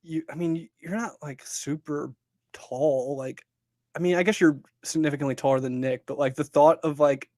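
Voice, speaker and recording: A young man with a fairly high voice chats on a podcast. He hedges with fillers and laughs through his lines. The sound is close and dry. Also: fairly even intonation, normal speed, darkish tone, no room sound. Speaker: podcast co-host. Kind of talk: casual chat.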